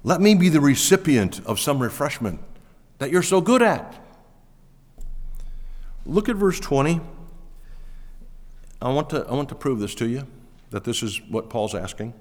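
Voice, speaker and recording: A man preaching a sermon as pastor, pushing key words up loudly, then falling back low and quiet. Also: very animated, unhurried, long pauses. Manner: emphatic, rising to stress key words, then dropping low. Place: church auditorium. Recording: long hall reverb.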